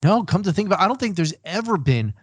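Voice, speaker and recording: A man's voice: sits high, sing-song, fast talker, husky, no room sound. A man co-hosting a music podcast, arguing his picks firmly in casual debate. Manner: firm, argumentative, builds a case. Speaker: podcast co-host. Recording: remote call, own mic.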